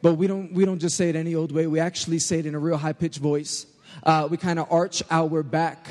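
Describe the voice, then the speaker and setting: A man with a New York accent preaching to a youth crowd as a youth pastor, lively and joking, calling out for the crowd to answer back. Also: on the high side, fairly quick. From United States. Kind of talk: energetic sermon to a youth crowd. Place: large church hall. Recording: live hall recording with long reverb.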